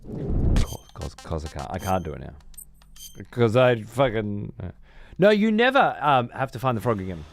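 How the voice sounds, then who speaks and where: A man's voice: lowish voice, very animated, moderate pace, creaky, soft background music. A man giving casual, profane commentary while playing a game, sarcastic and talking to himself and his chat. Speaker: gameplay streamer.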